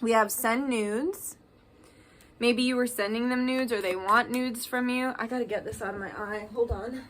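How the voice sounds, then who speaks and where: A woman's voice: a little high, steady tone, moderate pace, a bit bright. A woman giving a casual tarot card reading, chatty and reading card messages aloud with emphasis.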